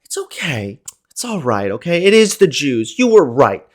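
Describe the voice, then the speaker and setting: A man's voice: fairly high pitch, very animated, moderate pace. A man voicing a fawning, mocking man who coos comfort at a friend in a syrupy, sarcastic way. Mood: mock soothing.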